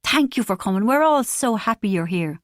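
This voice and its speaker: A woman reading an audiobook, voicing a warm, effusive middle-aged mother who fusses over her family. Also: mid-range voice, lively intonation, normal speed, no room sound, studio quality, natural voice. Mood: gushing. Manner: gushing, affectionate.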